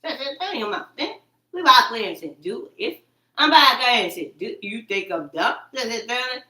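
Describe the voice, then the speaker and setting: A woman's voice: fairly high pitch, animated, normal speed, bright, forceful tone. A woman talking in a rambling, agitated monologue, repeating herself, cursing and quoting her own words back. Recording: echoey room, far from the mic.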